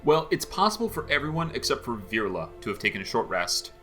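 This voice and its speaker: A man running a tabletop game as game master, relaxed and quick to laugh. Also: medium pitch, soft background music. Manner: laughs often, relaxed rulings.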